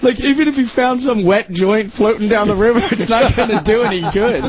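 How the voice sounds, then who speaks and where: A man's voice: high voice, brisk. A man hosting a radio talk show, rambling through a profane story and laughing as he goes. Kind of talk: casual storytelling chat.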